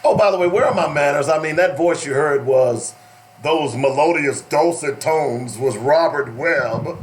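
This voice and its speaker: Joking talk radio host with a drawl. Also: male voice, fairly high pitch, measured pace. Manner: joking, laughs often, playful put-on drawl. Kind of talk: casual talk radio banter.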